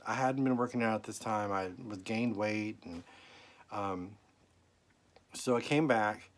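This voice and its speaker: A man's voice: fairly low pitch, measured pace. A middle-aged man tells a personal story in a rambling, emotional way, at times close to tears. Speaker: vlogger. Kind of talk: personal health update vlog.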